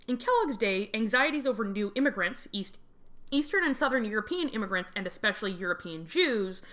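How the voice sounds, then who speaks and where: A woman's voice: mid-range voice, very animated, brisk, pushed and bright. A woman hosting a podcast, reading a scripted history narration with wry, dry asides. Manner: wry, dry humor, frequent laughs. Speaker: podcast host.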